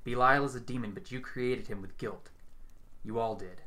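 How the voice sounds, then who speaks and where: A man's voice: medium pitch, moderate pace, close to an everyday voice. Man doing a bossy fake-psychic young woman. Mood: stern. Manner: dramatic, commanding, shouts invocations.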